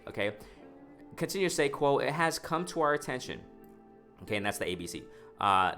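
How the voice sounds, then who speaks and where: A lowish-voiced man talks through the latest boxing news in a loose, slangy way. He keeps breaking off from the article to react, calling out to the viewers. Faint music plays underneath. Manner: excited, animated, talks to the viewers as "ladies and gentlemen"; slangy, full of fillers like "you know" and "man". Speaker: boxing commentary vlogger. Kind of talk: casual reaction commentary, reading a news article aloud.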